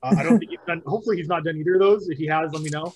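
A man's voice: a little high, very fast, a little mellow, husky, low-quality recording. A man talking casually about fight picks, rambling with many ums, restarts and laughs. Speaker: podcast co-host, called Director. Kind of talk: casual MMA picks chat.

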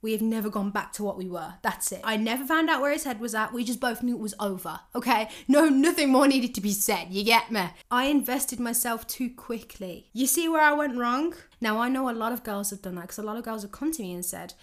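A young woman telling a dating story and giving advice, acting out both sides of the conversations in a lively, candid way. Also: fairly high pitch, fairly quick, few pauses. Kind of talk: casual storytelling monologue.

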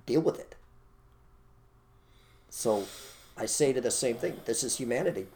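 Blunt, animated man ranting. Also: mid-range voice, measured pace. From United States. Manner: blunt, animated, repeats phrases. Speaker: co-host. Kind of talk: opinionated casual chat.

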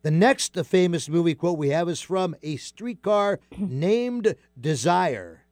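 A man's voice: fairly high pitch, slow, dry recording, studio quality, faint music behind. Chatty man hosting a radio talk show. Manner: relaxed, with many fillers. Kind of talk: casual radio chat.

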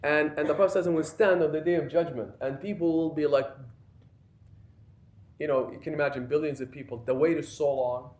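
A man's voice: fairly high pitch, steady tone, fairly quick, darkish tone. A man who is an imam, giving a conversational, emphatic sermon and addressing the audience directly. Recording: echoey room.

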